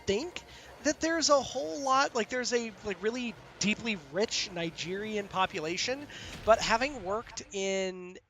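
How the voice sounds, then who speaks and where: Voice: mid-range voice, unhurried, fairly bright tone, a little hiss or hum. A co-host in a casual chat, talking in a rambling way.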